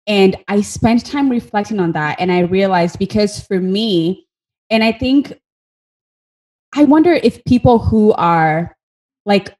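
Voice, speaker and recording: A woman's voice: medium pitch, a little mellow. Kenyan woman, talk host, earnest conversational storyteller. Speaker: podcast host. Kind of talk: casual conversation.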